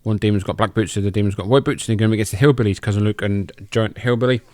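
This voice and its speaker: A man's voice: on the low side, steady tone, very fast, a little mellow, no echo, studio quality. A podcast host, a man, casually calling old wrestling matches in a loose, joking and profane way. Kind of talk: casual play-by-play commentary over old footage.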